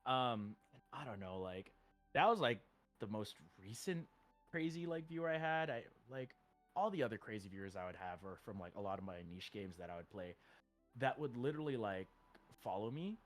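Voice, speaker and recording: A man's voice: fairly low pitch, expressive, moderate pace, soft background music. A man streaming, telling stories in casual chat, rambling with lots of "like" and chuckling between sentences. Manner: rambling storytelling full of "like".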